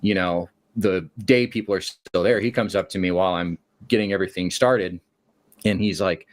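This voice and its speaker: A man's voice: low-pitched, normal speed. A man calling in to a late-night show, casually telling a long work story and acting out the quotes. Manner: animated, acts out quotes with shifting voices. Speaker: caller.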